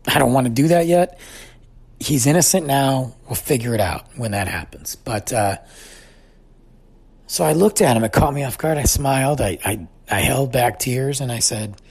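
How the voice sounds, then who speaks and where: A man's voice: medium pitch, creaky, breathy edge. A man in his forties telling a heartfelt story about his family in a thoughtful personal monologue. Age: 40s.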